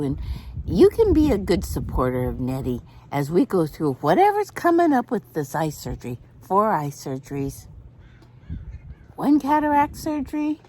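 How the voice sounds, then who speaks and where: Older woman, chatty vlogger, laughing storyteller, swooping pitch. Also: dark tone, a little hiss or hum. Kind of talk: casual storytelling to camera. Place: outdoors.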